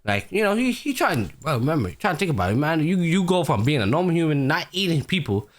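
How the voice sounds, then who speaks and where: A fast-talking man with a voice on the high side hosts a casual anime podcast. Retelling episodes, he swears constantly, tells the story with animation, and acts out each character.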